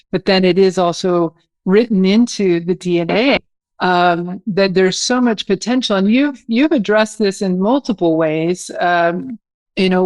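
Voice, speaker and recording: A woman's voice: medium pitch, darkish tone, no room sound. Thoughtful woman hosting an interview. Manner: thoughtful, searching, many fillers. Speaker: host. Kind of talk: interview questions.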